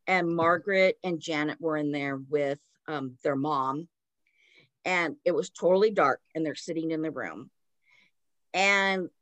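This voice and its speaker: A woman hosting a podcast talks through a story in a relaxed, conversational way. Her voice sits on the low side and is scattered with "like" and "kind of." The sound is close and dry, with no room echo. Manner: retells a story loosely, with many "like" fillers. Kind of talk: casual storytelling chat.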